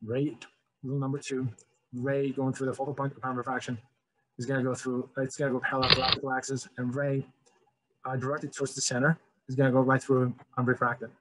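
A man's voice: medium pitch, monotone, fast talker, very noisy. A man teaching physics in a casual lecture over slides, talking loosely with many "all right" restarts.

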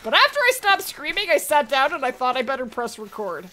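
A woman hosting a live gaming stream, chatty and excitable, talking to her chat and to the game. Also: sits high, a little fast, a little hiss or hum. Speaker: livestream host.

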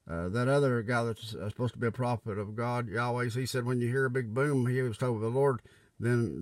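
A religious video maker talks casually and earnestly to his viewers, rambling, repeating himself and urging them to get right with God. His mid-range voice is recorded on a tablet mic with no echo.

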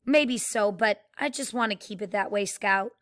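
Lady reading out a stubborn serious older brother, bright crisp voice, plain reading. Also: medium pitch, normal speed, natural voice. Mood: determined. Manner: plain read-aloud dialogue.

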